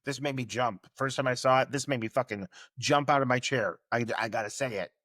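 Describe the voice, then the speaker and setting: Excitable man chatting about a film. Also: medium pitch, a little fast, no echo, clean studio sound. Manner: laughing, excitable commentary. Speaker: podcast co-host. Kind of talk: casual film recap chat.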